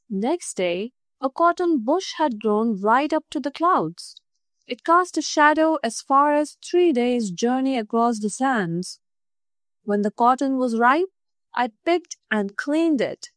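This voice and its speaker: A woman voicing a clever, calm young woman who speaks politely and with quiet cunning in a storybook reading. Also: high-pitched, no room sound, clean studio sound, exaggerated voice. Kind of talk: storybook narration.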